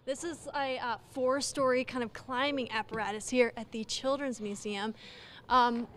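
A woman with an Upper Midwest American accent reports live from a big indoor play space, a little out of breath. Her voice sits slightly high, and she keeps things breezy and self-mocking. A faint hum of background noise runs underneath. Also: steady tone, normal speed. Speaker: field reporter. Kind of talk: live morning news remote. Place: large indoor children's museum play space.

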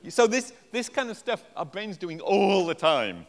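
A man with an English accent speaks at a conference, his delivery animated and full of self-deprecating jokes. His voice sits a little high and swings widely in pitch. The sound carries a long reverb from the hall around him. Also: slow. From England. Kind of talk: conference presentation.

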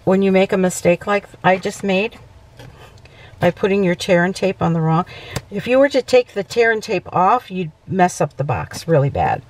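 A woman's voice: on the low side, animated, normal speed. A woman hosting a casual papercraft tutorial, chatty and self-correcting, often checking in with "okay". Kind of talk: casual crafting demonstration.

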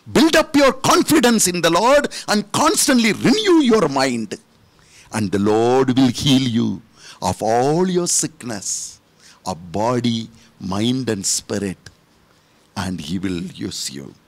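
Priest with Indian English accent preaching, slow and very animated, swinging into high emphatic bursts. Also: male voice. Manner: emphatic, rising to high-pitched exhortation. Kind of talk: sermon.

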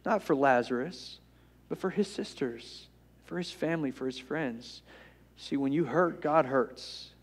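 A male pastor preaching a sermon, retelling a scripture story with playful asides, swinging from hushed and soft to loud and rousing. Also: on the high side, measured pace.

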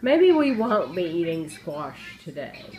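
A woman's voice: lowish voice, big pitch swings, slow pace, warm tone, faint music behind, poor audio. Woman, mom vlogger, sing-song baby talk, handheld camera at home. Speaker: vlogger and mother. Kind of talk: casual home vlog. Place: home, indoors and at the back door.

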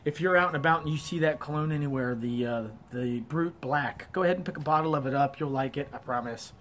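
Slightly high-voiced man with an Ohio accent, chatty, self-deprecating shaving vlogger. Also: fast, a bit bright, slight background noise. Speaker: wet shaving YouTuber. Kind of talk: casual product review. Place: porch at home.

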